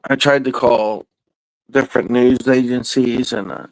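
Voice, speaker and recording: A man hosts a podcast and tells his stories in a loose, meandering way, swearing freely and drawling through asides. His voice sits at an ordinary middle pitch. The sound is dry and close, with no room around it. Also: steady tone, a little slow, no room sound, low-quality recording. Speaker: podcast host. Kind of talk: casual rambling storytelling.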